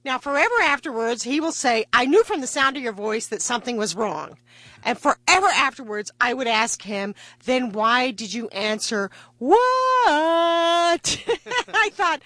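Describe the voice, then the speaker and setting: A woman's voice: on the high side, sing-song, a little slow, sharp tone, no echo. A woman physician in a radio interview, telling a personal story vividly and acting out the quotes. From part Mexican heritage. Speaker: guest, physician.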